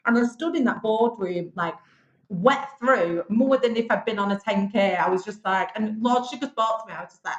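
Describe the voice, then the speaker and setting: A woman's voice: on the high side, lively intonation, moderate pace. A woman from Bolton with a Northern English accent, a podcast guest telling stories frankly and chattily, with some swearing. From Bolton, England. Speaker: podcast guest, business owner. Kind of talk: casual interview storytelling. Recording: roomy echo.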